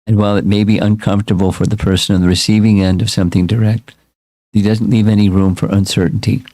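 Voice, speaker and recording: A man's voice: on the low side, little pitch movement, quick pace, warm tone, no room sound, clean studio sound. A man as a spiritual teacher giving a casual scripture class, reflective and repeating himself as he restarts words.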